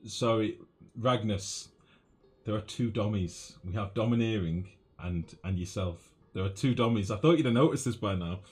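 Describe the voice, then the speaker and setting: A man's voice: fairly low pitch, moderate pace, darkish tone, slightly rough. A young northern English man live-streaming a game, thinking aloud and chatting casually with viewers, calling them mate. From northwest England. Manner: thinks aloud, chats with chat, calls people mate.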